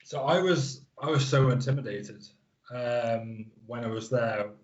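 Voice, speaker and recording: Thirties guest from the Isle of Man, mid-pitched, loose rambling storyteller, muffled audio. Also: unhurried. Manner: rambling, lots of fillers and restarts. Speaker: guest wrestler. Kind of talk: casual interview chat.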